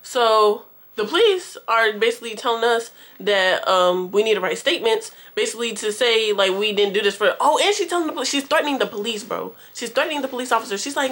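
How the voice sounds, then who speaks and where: A woman's voice: on the high side, expressive, fast, few pauses, fairly bright tone. A young woman vlogger telling a storytime tale to her viewers in a slangy, profane, chatty way. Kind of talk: casual storytime.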